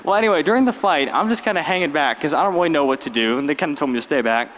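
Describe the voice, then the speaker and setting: A young man, giving a graduation speech as valedictorian with lively storytelling and wry humor. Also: fairly high pitch, racing. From Virginia, US. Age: late teens. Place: large arena. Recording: long arena reverb.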